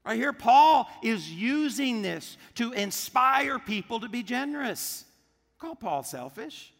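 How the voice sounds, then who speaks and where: A man's voice: extremely high pitch, very animated, slow, a bit bright, big-room sound. A man preaching a sermon as pastor, asking the congregation questions and answering them with emphasis. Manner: emphatic call-and-response preaching.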